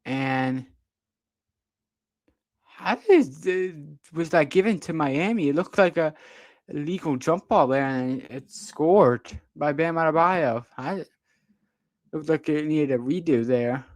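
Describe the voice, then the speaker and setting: An excitable young man calls basketball play-by-play from a close microphone, his voice sitting a little high. It sounds dry and close. He jumps up in pitch whenever a big play lands. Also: measured pace, dry recording. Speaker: play-by-play commentator. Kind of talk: amateur livestream sports commentary.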